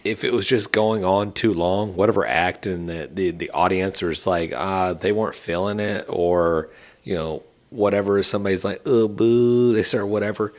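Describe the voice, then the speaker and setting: A man's voice: sits low, fairly even intonation, normal speed. A man hosting a casual podcast, rambling through a loose story and signing off the show. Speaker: podcast host.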